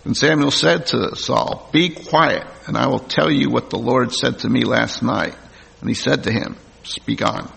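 Gravelly-voiced man preaching in a hall. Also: medium pitch, measured pace, a bit bright. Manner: reads scripture aloud, then comments plainly to the congregation. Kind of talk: sermon with scripture reading. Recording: long hall reverb.

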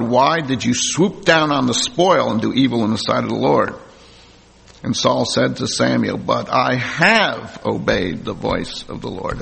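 A man delivers a sermon, reading verses aloud and then explaining them to his listeners. His voice is gravelly and husky. The sound carries a long reverb, as in a large hall. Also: mid-range voice, fairly bright tone. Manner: reads scripture aloud, then comments plainly to the congregation. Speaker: preacher.

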